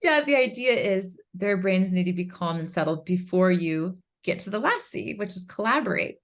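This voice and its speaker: A woman in her thirties explains a parenting method as an interview guest, earnest and steady. Now and then she slips into soft, gentle phrases a parent might say to a child. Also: medium pitch, moderate pace. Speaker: guest, author and curriculum instructor.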